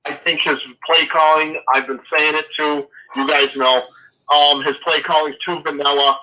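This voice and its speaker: A man's voice: a little high, level tone, normal speed, bright, forceful tone, poor audio. A man talking football as a guest, ranting in a fired-up way, swearing and then apologizing. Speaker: guest fan. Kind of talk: casual sports chat.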